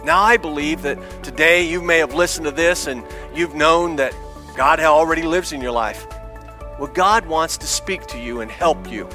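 A man preaching an impassioned evangelistic sermon as a pastor in a church, swinging between shouts and hushed near-whispers. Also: a little high, moderate pace, faint music behind.

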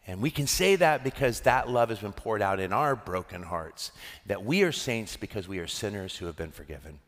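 A man's voice: fairly low pitch, lively intonation, normal speed, fairly bright tone, big-room sound. A man preaching a sermon as pastor, earnest and building to impassioned emphasis.

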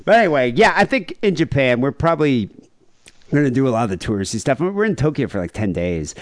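A man's voice: mid-range voice, big pitch swings, quick pace, no echo, studio quality. A man in his thirties, hosting a casual comedy podcast, rambling and joking with laughs. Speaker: podcast host.

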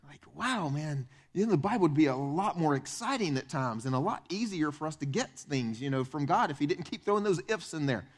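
A man preaching a sermon as pastor in a church, animated and conversational, acting out the voices of the people in his stories. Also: brisk, hardly any pauses. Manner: animated, acts out quoted voices with big pitch swings.

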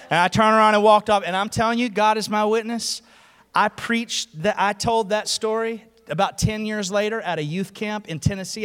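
High-voiced man preaching in a hall. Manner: animated storytelling, acting out other voices. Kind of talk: sermon. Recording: long hall reverb.

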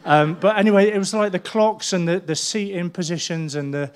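Animated man telling a story. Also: high voice, brisk, smooth. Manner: animated storytelling, acting out people's voices. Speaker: pastor. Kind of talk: sermon.

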